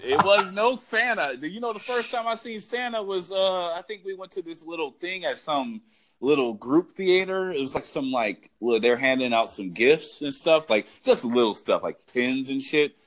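A laid-back man joins a casual chat with a profane memory of his own. His voice sits slightly high and moves expressively. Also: lively intonation, moderate pace, a bit bright. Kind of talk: casual conversation.

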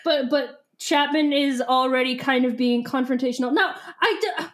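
A young woman co-hosting a casual book podcast, excitable and animated, laughing often and acting out the characters. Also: sits high, moderate pace. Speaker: podcast co-host.

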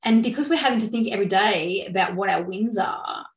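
Gravelly woman in an echoey room. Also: medium pitch, brisk. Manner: enthusiastic, chatty, lots of fillers. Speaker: podcast host. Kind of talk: casual interview chat.

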